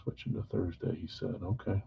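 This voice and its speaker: Low-voiced man hosting a live card break. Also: moderate pace, creaky, dull audio, a little hiss or hum. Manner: relaxed, chatty, talks straight to viewers by name. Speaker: host of a live sports card break stream. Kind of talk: casual live-stream chat, reading out team assignments.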